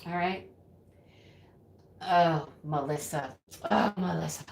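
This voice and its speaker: A woman telling a story in an animated, exclaiming way. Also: sits low, takes it slowly, vocal fry, noisy background. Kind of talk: storytelling chat. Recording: roomy echo.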